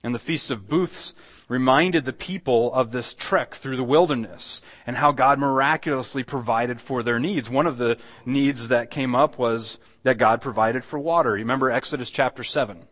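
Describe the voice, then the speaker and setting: A man's voice: mid-range voice, normal speed, a bit bright. A man preaching a sermon as pastor, conversational and earnest, asking the congregation rhetorical questions. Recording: long hall reverb.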